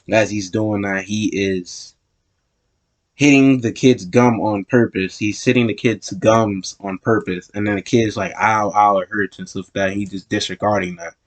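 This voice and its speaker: A man with a fairly low voice tells a story in a loose, casual way. He wanders through the telling, restarting and correcting himself as he goes. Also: fairly even intonation, moderate pace. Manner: rambling, self-correcting retelling.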